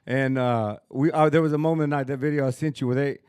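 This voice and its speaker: Brief: easygoing thirties male podcast host, joking and relaxed, dry close mic. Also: medium pitch, fast, clear, resonant tone, dry recording. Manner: easygoing, joking, laughs often. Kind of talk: casual chat. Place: rooftop outdoors in downtown Dallas.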